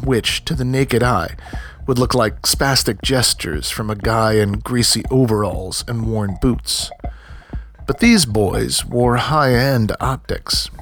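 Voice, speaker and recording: Male audiobook narrator, even and measured. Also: medium pitch.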